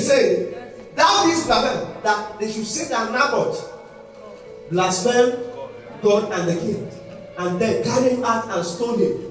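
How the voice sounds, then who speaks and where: Male pastor, sermon, emphatic shouting and sung phrases, very high voice, booming reverberant hall. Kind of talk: preaching a sermon. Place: church hall during a live service. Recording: echoey hall, distant mic, faint music.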